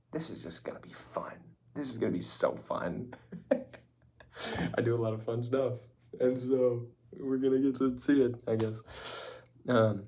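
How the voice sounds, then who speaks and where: A young adult man vlogs casually to the camera in a medium-pitched, slightly mellow voice. He rambles and laughs a lot, now and then dropping to a whisper.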